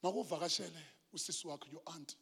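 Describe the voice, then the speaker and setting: A South African man preaching a sermon as pastor, passionate and swinging between hushed and shouted delivery, slipping in Zulu phrases. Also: a little high, fast talker, gravelly, husky. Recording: long hall reverb.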